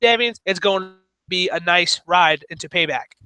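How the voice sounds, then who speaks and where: An excitable man jokes and tells stories in a casual podcast chat. His voice sits high for a man and sounds bright and forceful. The recording is dry, with no room echo. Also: normal speed, clean tone. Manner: excitable, jokey storyteller. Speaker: podcast co-host.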